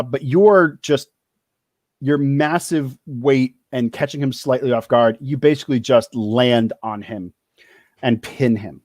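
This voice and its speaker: A man narrating a tabletop game as game master, halting, with many fillers and restarts. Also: mid-range voice, a little mellow, no room sound.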